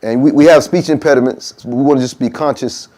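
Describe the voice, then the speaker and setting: A man's voice: medium pitch, steady tone, a little fast, mellow. A man teaching a workshop in a mosque room. He talks casually, checks in often with "okay?" and says pronunciations aloud to show them. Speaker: adhan workshop instructor.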